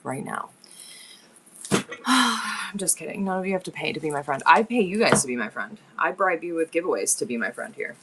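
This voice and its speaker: A woman's voice: fairly low pitch, expressive, moderate pace, heavy background noise. A young woman chatting casually and rambling on a livestream from her home. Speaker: live seller.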